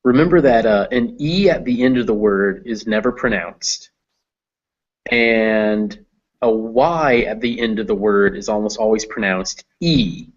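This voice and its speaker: A man's voice: on the low side, unhurried, dull audio. A man tutoring a student in reading English, explaining patiently with many fillers. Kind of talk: one-on-one reading lesson.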